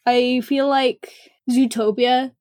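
A woman's voice: high voice, slow pace, no room sound. Teen girl chatting on a call, giggly and rambly, dry mic. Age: teens. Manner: giggly, rambling, animated retelling. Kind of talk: casual chat. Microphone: computer mic on a voice call.

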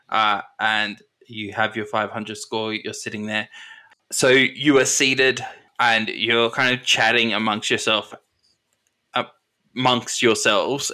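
A man running a tabletop game as game master, talking quickly and laughing at himself. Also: on the low side, pushed and bright.

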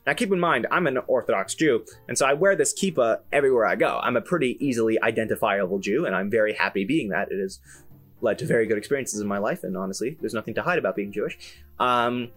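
A young man hosting a podcast, telling a story in an animated, self-amused way with lots of fillers and restarts. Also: mid-range voice, fast, soft background music. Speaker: podcast host. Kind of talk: casual solo storytelling.

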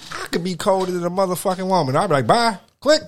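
Male podcast host, brash profane ranter, fairly high voice with big swings. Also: very animated, racing, faint music behind. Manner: loud, ranting, swears heavily. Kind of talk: casual profane chat.

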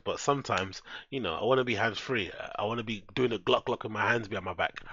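Speaking into a dull, lo-fi headset microphone with no echo, a man chats with his live-stream viewers in a mid-range, slightly bright voice. He's relaxed, curses a lot, and addresses his chat directly.

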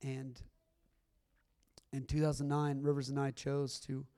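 A man's voice: mid-range voice, completely flat delivery, a little slow, dark tone, clean tone. A middle-aged man preaching a sermon in a conversational, earnest way, with bursts of emphasis. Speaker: pastor.

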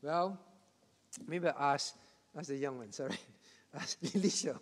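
A man's voice: on the high side, unhurried. A man pastor teaching the Bible to a congregation, with a repetitive, emphatic delivery and chuckling asides. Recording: long hall reverb.

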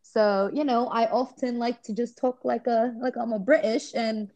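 A woman's voice: on the high side, steady tone, moderate pace, a little mellow, dull audio. A woman from Rhode Island, a podcast guest in casual chat, talking in an enthusiastic, rambling way with lots of "like.". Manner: chatty, filler-heavy, enthusiastic.

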